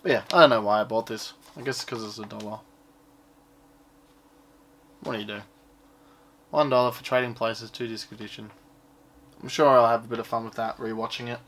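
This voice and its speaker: Aussie guy rambling through his haul, offhand and sweary, average pitch, faint background hum. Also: fairly even intonation, fairly quick, pauses often, fairly bright tone. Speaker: collector showing his purchases. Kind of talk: casual unboxing chat.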